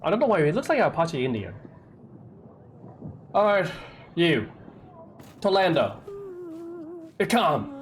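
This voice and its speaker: A game streamer chatting live with viewers, making impulsive, animated comments while playing. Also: mid-range voice, a little slow, long pauses.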